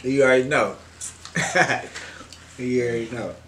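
Very deep-voiced woman, off-mic and echoey. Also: takes it slowly, distant mic. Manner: lively, chiming in and teasing. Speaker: co-host. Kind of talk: casual chat. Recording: echoey room, off-mic with faint noise.

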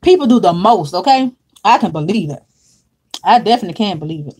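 A woman chatting casually on a livestream, animated and dramatic, laughing often and calling viewers honey and child. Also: medium pitch, fast talker, a little hiss or hum. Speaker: livestream host reading viewer comments.

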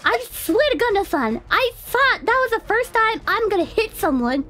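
Very high-pitched, lively streamer woman. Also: moderate pace, soft background music. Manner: animated, laughing storytelling with mock shouting. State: recovering from sore throat illness. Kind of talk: casual stream chat.

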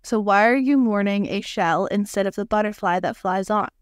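A young adult woman co-hosting a podcast, bubbly and chatty, quick to throw in pop-culture quotes. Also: mid-range voice, smooth, dry recording, studio quality. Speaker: podcast co-host. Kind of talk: casual chat.

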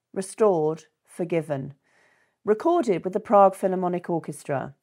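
A woman's voice: lowish voice, a little mellow. A woman hosting an interview, introducing her guest and asking questions in an enthusiastic, chatty way. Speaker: interviewer, festival host.

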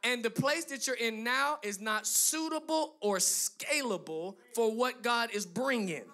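A man's voice: extremely high pitch, unhurried, pushed and bright. A man pastor preaching a sermon to his congregation, building emphatic lists and dropping into conversational asides.

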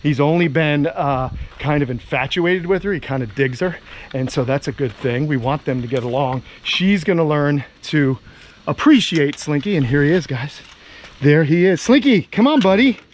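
A man vlogging outdoors, coaxing a big lizard along in a sing-song voice and talking excitedly to his viewers. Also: fairly high pitch, normal speed, a little hiss or hum. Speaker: reptile keeper vlogger. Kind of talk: excited outdoor vlog narration. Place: outdoors on a property.

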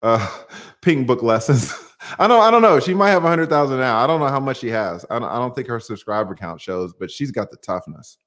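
A man hosting a casual livestream, talking in an animated, rambling way with many restarts. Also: medium pitch, a little fast. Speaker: livestream host.

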